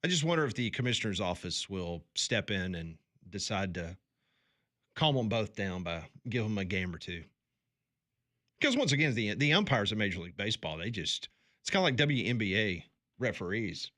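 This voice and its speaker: A man hosting a sports radio show in a studio, telling stories in an animated way with quick restarts. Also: fairly low pitch. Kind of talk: casual sports talk.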